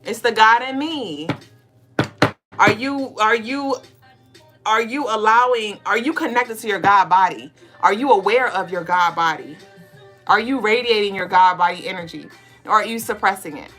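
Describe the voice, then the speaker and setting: A woman co-hosting a podcast of casual spiritual talk. She speaks bluntly, swears freely and fires off rapid rhetorical questions. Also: medium pitch, a bit bright, soft background music. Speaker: podcast co-host.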